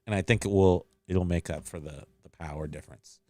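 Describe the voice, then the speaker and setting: A man's voice: low-pitched, a little fast, a little mellow, dry recording, studio quality. A man hosting a livestream in a casual, rambling chat, reading out and answering viewer comments. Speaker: livestream host.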